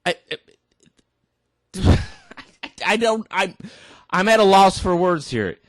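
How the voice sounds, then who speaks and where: A tipsy man in an exasperated rant, his voice sitting high and swinging widely in pitch. He talks slowly and stumbles into restarts, recorded close in a dry room. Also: lively intonation, no echo. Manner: indignant, exasperated, halting restarts. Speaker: vlogger. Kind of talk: ranting commentary.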